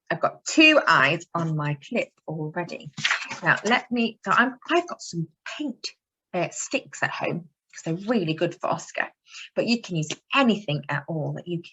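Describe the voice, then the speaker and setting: A woman's voice: fairly low pitch, pushed and bright, breathy edge. A woman teaching young children in an online lesson, talking in an encouraging, sing-song way. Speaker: early years teacher.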